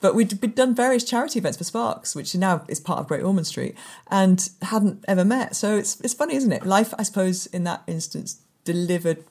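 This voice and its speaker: A woman's voice: medium pitch, brisk, few pauses. A woman in her forties, a sports presenter, chatting as a guest and animatedly telling stories. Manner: animated storyteller, acts out quoted voices. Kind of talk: casual interview chat.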